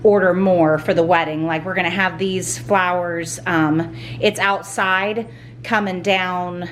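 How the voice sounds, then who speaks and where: A woman's voice: lowish voice, fairly even intonation, takes it slowly, a bit bright, a little hiss or hum. A middle-aged woman hosting a casual home decorating haul vlog, gushing and rambling with lots of ums and likes. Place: at home indoors.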